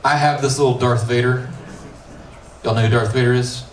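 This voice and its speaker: A man's voice: medium pitch, fairly even intonation, normal speed. A man with an American accent, a middle school pastor preaching a casual youth sermon, reading scripture and joking with slangy asides. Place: church youth room. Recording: roomy, distant, faint hiss.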